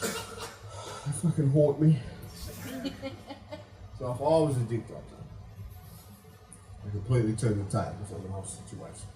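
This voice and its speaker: Rambling young Australian comedian in a roomy venue. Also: male voice, mid-range voice, expressive, a little slow, pauses often, dark tone, distant mic, faint music behind. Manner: rambling, self-deprecating, swears a lot. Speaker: stand-up comedian. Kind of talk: stand-up comedy set. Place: comedy venue with live audience. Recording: echoey room, mic picked up from afar.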